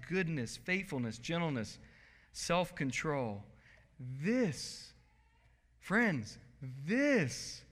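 A man preaching a sermon as pastor, swinging from soft, quiet lines to loud bursts. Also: a little high. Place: church sanctuary. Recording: long hall reverb.

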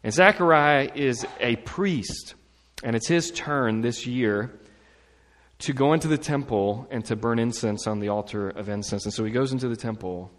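A male pastor preaching in a relaxed, conversational style, mixing scripture with humorous asides. His voice sits in the middle range and carries a long reverberant tail, as if spoken into a large hall. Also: mid-range voice, moderate pace. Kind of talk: sermon.

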